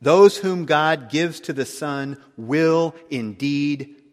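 A man preaching a sermon, emphatic, swinging between loud declarations and hushed tones. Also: on the high side, slow pace, in a large hall.

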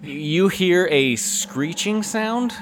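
A man narrating as game master of a tabletop game, relaxed and laughing often. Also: high-pitched, very slow, noisy background.

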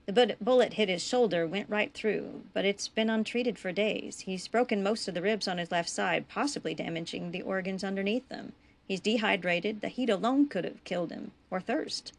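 A woman voicing a weary frontier doctor, steady and matter-of-fact, in a storybook reading. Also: mid-range voice, moderate pace, gravelly. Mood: grave. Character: weary frontier doctor, grave and plain-spoken man.

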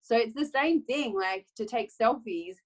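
A young adult woman photographer talking casually, lively and often acting out quoted self-talk with laughs. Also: a little high, unhurried, husky, rough recording. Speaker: photographer guest. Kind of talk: casual conversational chat.

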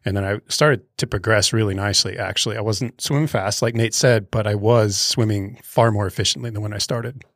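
A man co-hosting a podcast, calmly recounting his own progress in casual chat. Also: on the low side, brisk, hardly any pauses, dry recording, studio quality. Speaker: podcast co-host.

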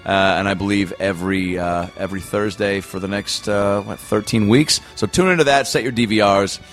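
A man's voice: on the low side, fairly even intonation, normal speed, fairly bright tone, soft background music. A man hosting a podcast, reading an ad and introducing the show in a hyped, loose and profane way. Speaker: podcast host. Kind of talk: casual ad read and show intro.

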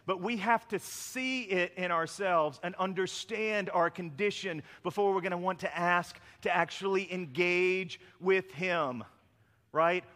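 High, bright-voiced pastor preaching in a hall. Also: male voice. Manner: conversational, animated storytelling with frequent "right?" asides. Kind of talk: sermon. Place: church sanctuary. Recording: long reverb of a large hall.

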